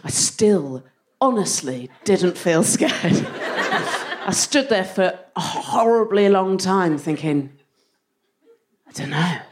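A woman's voice: medium pitch, lively intonation, slow, a little mellow, slight background noise. A woman performing live stand-up comedy on a theatre stage, playful and self-mocking, often laughing through her lines. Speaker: comedian, co-host.

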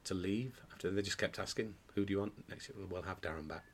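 This pantomime dame actor, a guest on an indoor podcast, talks fast in a deep voice over slight background noise. His casual chat is full of jokey stories, with many restarts and bursts of laughter.

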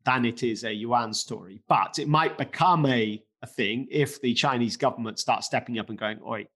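A man's voice: mid-range voice, moderate pace, fairly bright tone. A man co-hosting a finance podcast, explaining currency moves conversationally and repeating points for emphasis. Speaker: podcast co-host, market commentator. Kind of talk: casual finance podcast chat.

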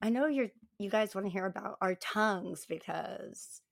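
A woman's voice: medium pitch, expressive, normal speed, vocal fry, no room sound. Bubbly American woman co-host, dry sound. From United States. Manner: bubbly, uses "like" a lot. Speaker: podcast co-host. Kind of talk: casual chat.

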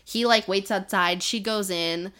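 A woman's voice: medium pitch, a little slow, fairly bright tone, clean tone. A young woman co-hosting a casual book podcast, animatedly retelling a story with lots of "like" and fillers. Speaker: podcast co-host. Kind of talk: casual book-review chat.

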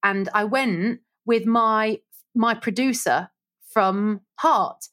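A woman radio presenter, a guest in an interview, telling stories in a lively chat and acting out the voices of the people she quotes. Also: a little high, takes it slowly. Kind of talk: casual storytelling interview.

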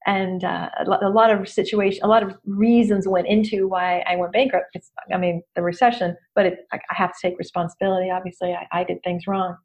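A middle-aged woman who works as a business coach, talking in a candid, animated, self-deprecating way and laughing often. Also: fairly low pitch, brisk, hardly any pauses. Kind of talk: casual motivational talk.

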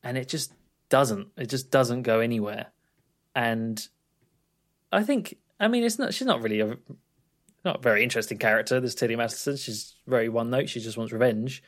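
A man co-hosting a film podcast in relaxed chat, thinking aloud with small hesitations. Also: mid-range voice, moderate pace. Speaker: podcast co-host. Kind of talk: casual film-review chat.

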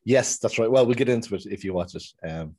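Irish man, podcast co-host, low husky voice, easygoing and laughing. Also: fast talker, mellow. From Ireland. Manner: laid-back, laughs often. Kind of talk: casual chat.

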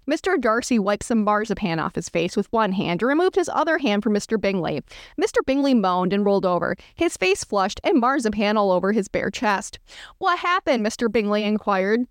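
A woman hosting a podcast, reading fanfiction aloud in a comic, dramatic style with deadpan asides and playful character voices. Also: medium pitch, fairly quick, no echo, clean studio sound.

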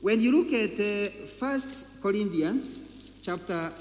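High-voiced preacher in an echoing hall. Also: male voice, lively intonation, takes it slowly. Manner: emphatic, rhetorical questions, repeats key phrases. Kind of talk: sermon. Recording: echoey hall reverb.

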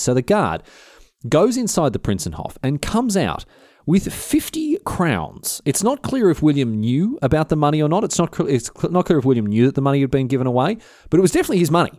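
A man's voice: fairly high pitch, big pitch swings, brisk, darkish tone, dry recording, studio quality. A man hosting a history podcast, telling stories in a slangy, irreverent, casual way. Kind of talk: casual comedic storytelling.

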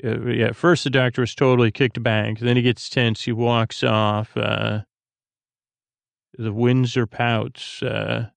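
A man hosting a podcast, recapping an episode in a halting, meandering way with many fillers and restarts. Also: mid-range voice, level tone, gravelly, no echo. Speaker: podcast host. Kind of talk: rambling bedtime episode recap.

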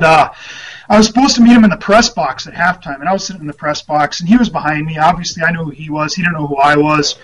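A man telling a long, rambling anecdote as a guest on a casual podcast, with frequent pauses. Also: fairly high pitch, fairly bright tone, rough recording. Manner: rambling, lots of fillers and restarts, laughs at himself. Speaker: guest, former team writer.

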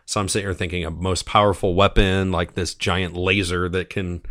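Low-voiced male co-host, lively storyteller who acts out the scenes. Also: moderate pace. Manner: animated retelling, acts out characters' lines. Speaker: podcast co-host. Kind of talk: casual chat.

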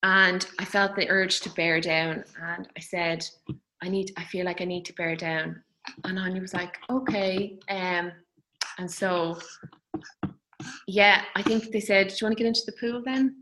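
A woman in her thirties telling her birth story in an interview, tender and halting, with many fillers. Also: on the low side, little pitch movement, bright, forceful tone, rough recording. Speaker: guest. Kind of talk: personal birth story in conversation.

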